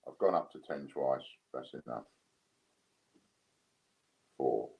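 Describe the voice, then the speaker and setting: Deep-voiced British man hosting a stream. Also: a little fast, creaky, highs cut off. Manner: relaxed, counting down bids. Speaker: live stream host running coin auctions. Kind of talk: casual live stream chat.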